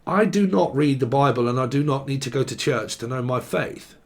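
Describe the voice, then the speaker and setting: A man's voice: medium pitch, fairly quick. A man giving a casual tarot reading who rambles playfully, acts out quoted voices and swears freely. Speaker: tarot reader.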